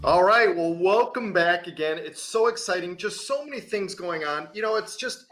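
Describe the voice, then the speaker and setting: A man's voice: sits high, expressive, moderate pace, music in the background. A man hosting a radio interview show, upbeat and enthusiastic as he introduces his guest. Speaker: show host.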